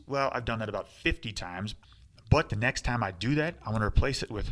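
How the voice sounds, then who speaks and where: A man's voice: medium pitch, animated, brisk, a bit bright. A man hosting a podcast, talking casually and upbeat in a solo monologue. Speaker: podcast host.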